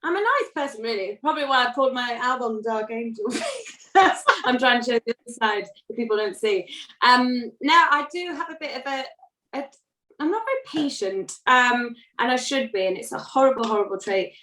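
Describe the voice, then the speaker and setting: A woman's voice: a little high, animated, brisk, sharp tone. A woman singer chatting as an interview guest, laughing often and poking fun at herself. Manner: chatty, laughing, self-deprecating. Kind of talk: casual interview chat. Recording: roomy sound, distant from mic.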